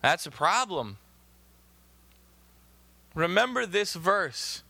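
Bright, high-voiced man preaching a sermon. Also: big pitch swings, slow pace, gravelly, long pauses, no room sound. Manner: emphatic, reads scripture in old-fashioned wording.

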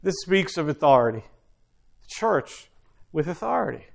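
Middle-aged guy preaching, kinda high voice, chatty, says things twice for emphasis. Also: big pitch swings, normal speed, gravelly. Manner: conversational, repeats phrases for emphasis. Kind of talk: informal sermon.

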